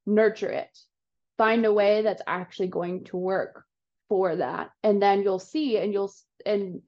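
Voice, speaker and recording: A woman's voice: mid-range voice, steady tone, a little slow. A woman hosting a casual podcast chat, emphatic and encouraging, rambling through her points. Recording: slightly dull lo-fi audio.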